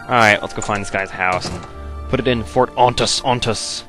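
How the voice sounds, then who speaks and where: A young man giving laid-back, rambling commentary as he plays a video game, now and then breaking into loud joking voices. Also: fairly low pitch, moderate pace, music in the background. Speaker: let's play host. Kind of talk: casual gameplay commentary.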